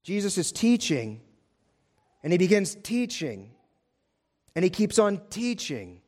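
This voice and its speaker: High-voiced pastor preaching emphatically. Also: male voice, sing-song, takes it slowly, darkish tone. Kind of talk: sermon.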